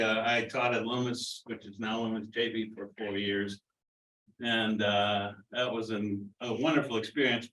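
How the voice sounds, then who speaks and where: A man in his seventies telling a story at a college reunion, measured and hesitant. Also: medium pitch, fairly bright tone, slight background noise. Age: 70s. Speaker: reunion alumnus. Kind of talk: casual storytelling. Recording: roomy hall, distant mic.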